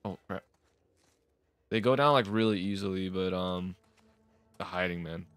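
A man's voice: sits low, a little slow, a bit bright, clean tone. A man giving casual commentary while playing a game, jumpy and exasperated, often swearing and laughing. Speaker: let's play gamer.

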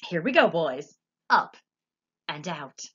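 Woman voicing eccentric cheerful candy-maker man, bubbly, high and springy, storybook voice, muffled lo-fi. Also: sing-song, fairly bright tone, breathy edge, heavily acted. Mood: gleeful. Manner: quick, bubbly, exclamatory, higher voice. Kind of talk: storybook character voice.

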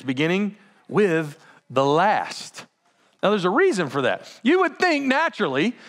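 Male pastor, high and lively voice, chatty preaching with laughing asides. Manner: animated, conversational, laughing asides. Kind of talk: sermon.

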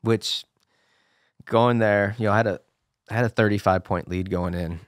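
Laid-back deep-voiced man telling stories. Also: steady tone, normal speed, dry recording, studio quality. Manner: laid-back, swears casually, trails off with "you know". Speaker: podcast guest, former racer. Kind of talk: casual storytelling chat.

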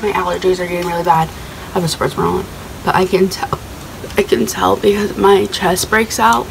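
A woman's voice: lowish voice, flat delivery, moderate pace, vocal fry, noisy background. A young adult woman chatting casually to her vlog camera at home and in her car, rambling with lots of fillers like "um" and "like". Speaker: vlogger. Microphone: handheld phone.

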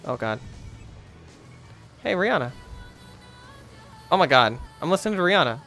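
Over soft background music, a man with a voice on the high side plays a video game at a moderate pace, tossing out casual jokes and talking to himself about what's happening in his let's play.

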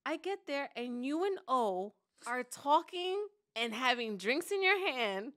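A woman with a fairly high voice tells a story with dramatic flair on a casual podcast. She acts out the other people's voices as she goes and laughs through the tense parts. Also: very animated, a little slow, a bit bright. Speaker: podcast co-host. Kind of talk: animated storytelling chat.

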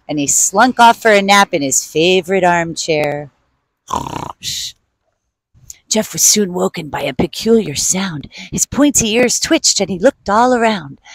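A woman reading a children's picture book aloud outdoors in an animated, playful way. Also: fairly low pitch, no echo, poor audio.

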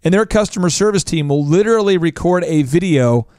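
Animated man coaching on business. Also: high voice, no echo, studio quality. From Oklahoma. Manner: fast, animated, joking, mimics voices. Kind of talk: energetic instructional talk.

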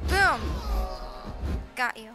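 A woman casually commenting while she plays a game, chatty and excitable, often giggling. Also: high voice, drawn-out words. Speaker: gameplay channel host. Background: game music.

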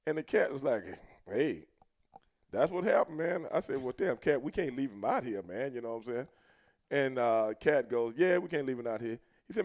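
Profane, animated man telling a story. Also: medium pitch, moderate pace. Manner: profane, animated, shouts when quoting himself. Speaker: podcast co-host telling a road story. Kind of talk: casual storytelling.

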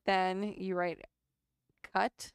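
A woman's voice: medium pitch, level tone, extremely slow, smooth, no echo. A woman chatting casually at home as she works on a sewing pattern and coos baby talk to her cat. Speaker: sewing vlogger. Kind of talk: casual chat while sewing.

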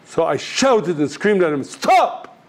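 A missions teacher talks to his class with earnest directness, spinning stories and performing the voices of the people in them. His voice leans high and has a darkish color, and he speaks at an unhurried pace.

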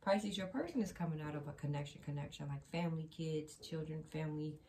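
A woman with a fairly low voice gives a casual tarot reading, chatting directly to her viewers and circling back to the same phrases again and again. The recording carries clear background noise and the sound of shuffling cards. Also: fast talker, mellow. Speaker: tarot card reader.

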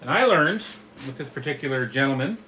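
A man's voice: mid-range voice, animated, brisk, bright, forceful tone, a little hiss or hum, low-quality recording. A middle-aged man hosting a live cooking tutorial, explaining each step in a friendly way and calling his viewers guys. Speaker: barbecue instructor and host.

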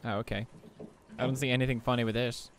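A young man hosting a reaction video, mock-serious and profane, with sudden exaggerated shouts. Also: medium pitch, level tone, fast, background noise. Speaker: video host. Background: music.

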